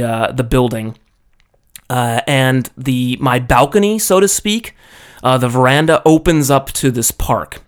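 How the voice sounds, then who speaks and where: A man telling a story in a casual, profane rant, often checking in with "okay?" and "you know?". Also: medium pitch. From foreigner living in Japan. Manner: profane, exasperated, peppers talk with "okay?". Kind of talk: casual ranting monologue.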